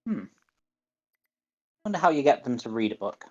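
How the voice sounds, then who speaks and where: A man's voice: mid-range voice, sing-song, moderate pace, warm tone, highs cut off. A man with a Northern English accent giving live gameplay commentary, muttering to himself and reading game menu options aloud. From northern England. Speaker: gaming streamer.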